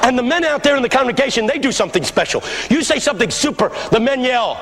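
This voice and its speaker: A man from West Philadelphia telling a humorous sermon story, lively and building to shouts. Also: very high-pitched, fast talker, hardly any pauses. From West Philadelphia, USA. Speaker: preacher, guest speaker. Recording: archival talk in a reverberant hall with background noise.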